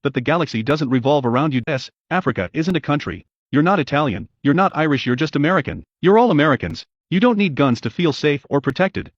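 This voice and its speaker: A man reads online posts at a rapid clip with a blunt, brisk delivery. His voice sits at an ordinary pitch. The recording is dry and a little dull. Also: expressive, no room sound. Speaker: narrator. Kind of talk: reading posts aloud.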